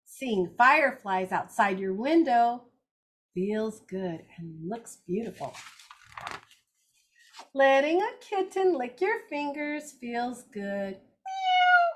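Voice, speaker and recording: An older woman reading picture books to little children in an animated, expressive, gentle way. Her voice is high and lively, moving through a wide melodic range. She reads slowly and deliberately. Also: a little hiss or hum. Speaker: circle time teacher.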